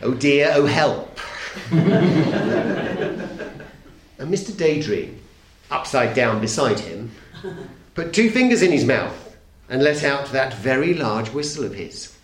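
A middle-aged man reading a children's story aloud to an audience, playful and expressive, dropping very soft for suspense. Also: medium pitch, unhurried, crowd noise. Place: talk hall. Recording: echoey hall.

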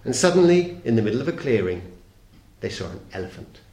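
A middle-aged man reading a children's story aloud to an audience, playful and expressive, dropping very soft for suspense. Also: mid-range voice, fast. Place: talk hall. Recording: echoey hall.

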